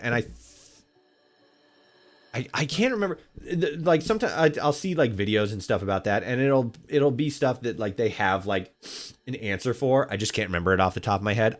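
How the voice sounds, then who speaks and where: Sweary rambling male streamer. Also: medium pitch. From Europe. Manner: swears constantly, rambling with many restarts, bursts into loud excitement. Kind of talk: casual livestream chat while gaming.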